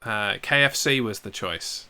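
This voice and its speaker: A man co-hosting a casual sports podcast, measured and dryly teasing. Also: fairly low pitch, pushed and bright. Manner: dry teasing humor, measured. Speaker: podcast co-host.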